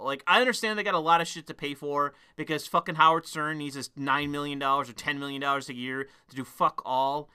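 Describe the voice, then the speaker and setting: A man's voice: fairly high pitch, pushed and bright, clear, resonant tone. A man venting in a heated, profane rant to his viewers. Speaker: vlogger. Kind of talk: ranting monologue to camera.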